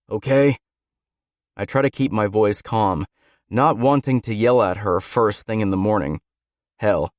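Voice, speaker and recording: A medium-pitched man narrates a first-person romance audiobook, reading the script in a brooding, intense way. The studio-quality recording has no echo.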